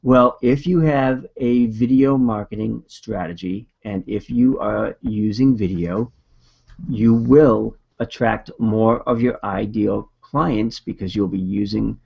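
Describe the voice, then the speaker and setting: A man's voice: lowish voice, slow pace, gravelly, breathy edge, muffled recording. A man with a Boston accent presenting a video marketing webinar in a casual, upbeat coaching manner.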